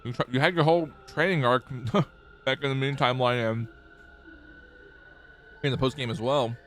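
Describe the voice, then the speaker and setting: A man's voice: medium pitch, moderate pace, fairly bright tone, soft background music. A man streaming a game who reads the story text aloud and chats in a rambling way, laughing easily. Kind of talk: casual play-along narration of a visual novel.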